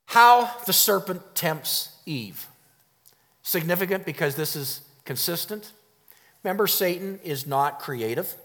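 Emphatic preacher in a reverberant hall. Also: male voice, sits high, expressive, a little slow, a bit bright. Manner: emphatic, repeats key phrases, chuckles. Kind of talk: sermon.

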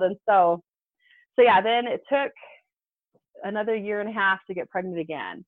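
A woman's voice: medium pitch, brisk, dry recording. A woman in her thirties, a podcast guest telling a personal story in casual talk, acting out the voices she quotes. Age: 30s. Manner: animated, acts out quoted voices. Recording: tinny phone-like line, dry.

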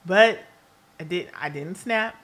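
A woman's voice: fairly low pitch, slow. A woman hosting her own podcast in a casual solo monologue. She is candid and profane, laughs often, and tells stories with lots of asides. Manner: animated storyteller with asides. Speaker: podcast host.

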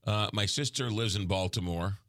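A man's voice: lowish voice, a bit bright, dry recording, clean studio sound. A man with a New York accent hosting a morning radio show, chatting casually with frequent ums and uhs. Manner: halting, lots of ums and uhs. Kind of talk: casual on-air chat.

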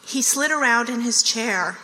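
A woman reading the narration of a play at a steady, measured pace. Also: a little high. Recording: reverberant hall.

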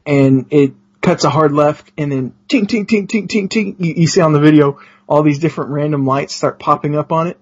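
A husky man tells an excited story as a podcast guest, stumbling and restarting as he goes. His pitch sits in the middle range. The sound is dull and lo-fi. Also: a little fast. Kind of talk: casual podcast chat.

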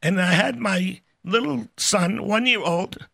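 An older man telling stories in a casual, animated way, acting out the voices of people in them. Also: sits high, slow pace, vocal fry, slightly rough. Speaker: storyteller guest. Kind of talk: casual spoken storytelling.

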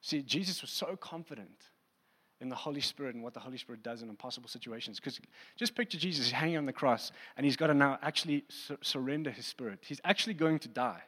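A man preaching a sermon in a lively, conversational way, acting out the scenes he describes. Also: mid-range voice, quick pace, long reverb tail.

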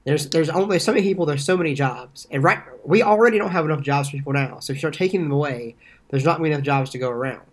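A man's voice: fairly high pitch, racing. A man co-hosting a casual podcast with a congested, stuffed-up nose, talking in a laid-back way. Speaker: podcast co-host.

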